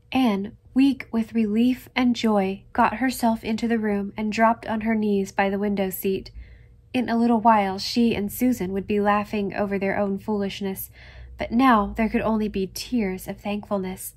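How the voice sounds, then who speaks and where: Give me a woman gently reading a novel aloud. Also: medium pitch, steady tone, moderate pace. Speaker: audiobook reader. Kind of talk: scripted narration.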